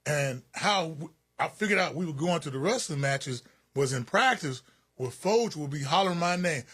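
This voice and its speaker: A man's voice: fairly high pitch, animated, moderate pace, fairly bright tone, husky. A man telling a story in a radio studio, laughing and quoting others in put-on voices. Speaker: guest, former football player.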